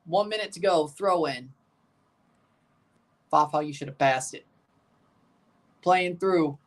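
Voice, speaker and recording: A man's voice: fairly high pitch, slow pace. Man chatting through a live match. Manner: chatty, nervous, calls out play as it happens. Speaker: streamer reacting to a live match. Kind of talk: casual live watchalong commentary.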